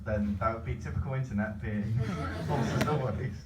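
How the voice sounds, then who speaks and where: A man in the audience asking a hesitant, halting question. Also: mid-range voice, darkish tone, distant mic, a little hiss or hum. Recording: roomy hall, voice heard from afar.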